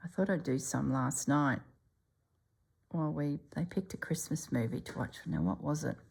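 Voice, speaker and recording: Woman, middle-aged, low voice, husky, casual stitching chat, often whispering. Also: moderate pace. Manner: often drops to a soft whisper. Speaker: stitching channel host.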